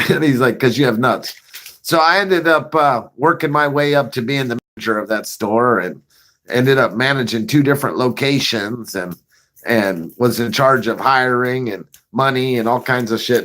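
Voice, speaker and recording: A man's voice: medium pitch, moderate pace. A man spins a casual, profanity-laced yarn on his own show. He laughs as he goes and acts out what happened, with a voice in the middle of the usual male range. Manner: profane, laughing, animated retelling. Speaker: vlogger. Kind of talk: casual storytelling.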